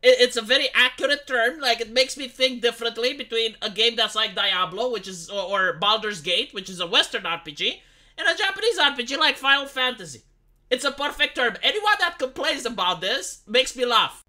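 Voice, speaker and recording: A woman's voice: fairly high pitch, sharp tone. A woman streamer giving a mocking, emphatic opinion rant on gaming news, full of sarcasm. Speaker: commentary streamer. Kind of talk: ranting opinion commentary. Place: home streaming setup.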